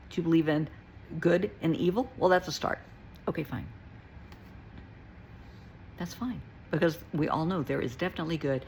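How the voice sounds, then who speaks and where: Gravelly older woman, folksy advice. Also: low voice, a little mellow, slight background noise, low-quality recording. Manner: folksy, calls listener honey; plain-spoken, reassuring. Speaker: therapist. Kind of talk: casual spiritual advice talk.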